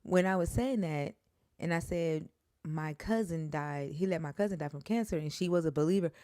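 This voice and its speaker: A woman with a low voice speaks earnestly in a casual chat, cursing when upset and leaping sharply upward when feelings rise. The sound is dry and close. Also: lively intonation, brisk, mellow, dry recording.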